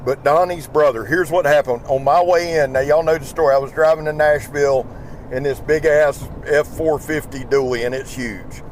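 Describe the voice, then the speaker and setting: In a casual driving vlog, a tired man with a Southern accent who hosts a YouTube knife channel rambles from his pickup in a folksy, profane style. His voice is mid-range, and the small truck mic captures slight background noise.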